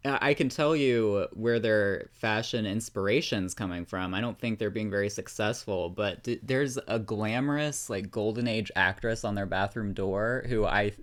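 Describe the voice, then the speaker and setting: An easygoing podcast co-host chats casually about an episode. They restart their sentences, chuckle and agree readily, at a middle pitch. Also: moderate pace, hardly any pauses. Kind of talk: casual recap chat.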